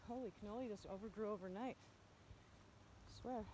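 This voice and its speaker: A woman vlogging outdoors on a chilly mountain while walking her dogs, a bit out of breath, calling to them in a high sing-song voice. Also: a little fast, mellow, slight background noise. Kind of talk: casual vlog narration while walking dogs.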